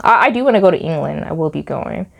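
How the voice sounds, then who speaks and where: A woman's voice: sits low, fast talker, gravelly. Young woman ranting on her channel, exasperated, keeps repeating herself for effect. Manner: animated, exasperated, repeats phrases for emphasis. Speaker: YouTube commentator and author. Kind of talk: casual commentary vlog.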